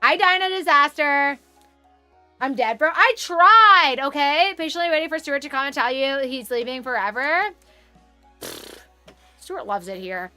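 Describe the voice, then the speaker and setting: A woman's voice: high-pitched, animated, unhurried, pushed and bright, faint music behind. A young woman streaming from her room at home, chatting casually and rambling, with frequent swearing. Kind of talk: casual chat on a live stream.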